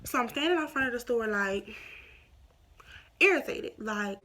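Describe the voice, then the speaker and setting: Young woman vlogger, casual storytime, animated retelling, slightly high voice. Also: normal speed. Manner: animated retelling with quoted dialogue. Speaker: YouTuber telling a story.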